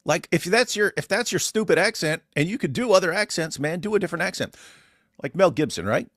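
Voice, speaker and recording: Animated mocking male livestream co-host. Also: sits high, fairly quick, no echo, clean studio sound. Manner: animated, mocking, sarcastic asides. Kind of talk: casual livestream commentary.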